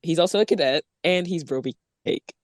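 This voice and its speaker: A man's voice: fairly high pitch, a little fast, dry recording, clean studio sound. A man hosting a podcast interview in a playful, jokey way. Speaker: podcast host. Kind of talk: casual interview chat.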